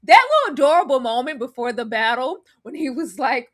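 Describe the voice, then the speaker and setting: Lively, high-pitched woman recapping TV. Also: moderate pace. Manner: animated, re-enacts her own yelling at the screen. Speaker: podcast co-host. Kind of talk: casual TV recap chat.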